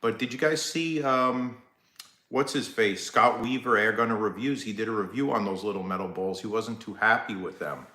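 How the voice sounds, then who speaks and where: A man's voice: on the low side, normal speed, sharp tone. Chatty Brooklyn-accented man on a live stream. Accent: New York (Brooklyn/Staten Island). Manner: rambling, chatty, greets viewers by name, frequent restarts. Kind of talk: casual live stream chat. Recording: echoey room.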